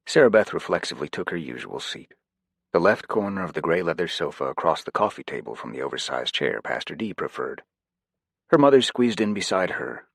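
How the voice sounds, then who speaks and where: A man reading an audiobook in a lowish voice with lively, expressive intonation. The recording is dry and close, with no room around it. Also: gravelly, slightly rough, no echo. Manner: expressive, varied delivery. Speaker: audiobook narrator. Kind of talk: scripted audiobook narration.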